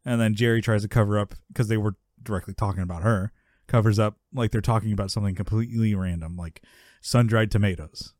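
Male podcast co-host, casual and animated, frequent laughs, mid-pitched, dry close sound. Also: fast, no echo. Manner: animated, laughs often, acts out characters in a high yelling voice. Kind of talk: casual chat recapping a sitcom episode.

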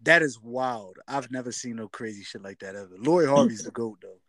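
A man's voice: mid-range voice, fairly quick, a crowd in the background. A man co-hosting a podcast in casual chat, telling stories in slangy talk with acted-out quotes. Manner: laid-back slangy storytelling with acted quotes. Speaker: podcast co-host. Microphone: remote recording setup. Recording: dry remote recording.

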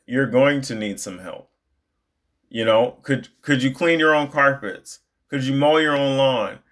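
An adult man with a mid-range, fairly bright voice delivers a loose, casual monologue, pressing his points emphatically. He pads his speech heavily with "like" and "you know."

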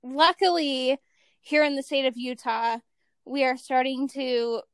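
A high-pitched woman hosts a podcast in a chatty, easygoing way. She laughs often and fills her talk with "like". The sound is close and dry. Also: unhurried, fairly bright tone, no room sound. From East Coast / Midwest United States. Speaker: podcast host. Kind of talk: casual chat.

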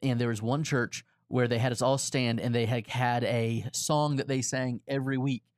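A man's voice: medium pitch, steady tone, moderate pace, dry recording, clean studio sound. A man in his forties from Florida, co-hosting a casual church podcast, telling stories and laughing often. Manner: chatty storyteller, laughs often. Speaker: podcast co-host, pastor. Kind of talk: casual chat.

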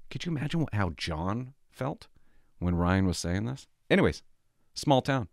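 Middle-aged man, casual vlog chat, rambling storyteller, lively swings in pitch, dry close sound. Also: moderate pace, vocal fry, dry recording. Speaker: vlogger.

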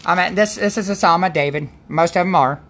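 Woman, rambling casual devotional chat, lowish voice, keeps restarting sentences, stream mic. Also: fairly quick, fairly bright tone. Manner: rambling, self-interrupting, chatty. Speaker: host of a Christian livestream.

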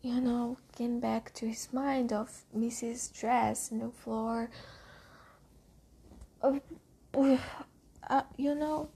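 A woman casually retelling a book's story, halting and searching for words, half whispering and swearing now and then. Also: on the high side, steady tone, creaky, warm tone, breathy edge. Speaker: reader retelling a book.

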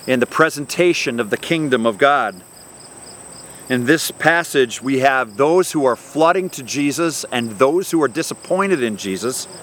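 A middle-aged man, a pastor, preaching a sermon and telling a personal story in an earnest way, often pausing on fillers and restarts. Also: medium pitch, fairly bright tone, a little hiss or hum.

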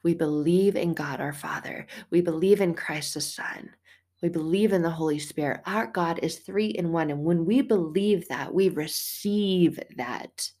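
A middle-aged woman hosting a casual faith podcast, chatty and animated, laughing now and then, swearing at times and acting out little quotes. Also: lowish voice, a little slow. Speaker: podcast host.

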